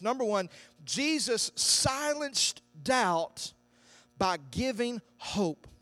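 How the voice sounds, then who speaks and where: A man delivers an evening sermon in a high voice, reading scripture slowly and then pressing his points with emphatic, rising declarations. The sound is close and dry, with no room around it. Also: a bit bright, dry recording. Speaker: preacher.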